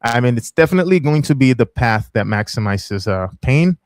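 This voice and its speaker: A man's voice: medium pitch, expressive, fairly quick, no echo, clean studio sound. Chatty man hosting a market livestream. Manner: chatty, laughs easily, reads comments aloud. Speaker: livestream host. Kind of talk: casual livestream market commentary.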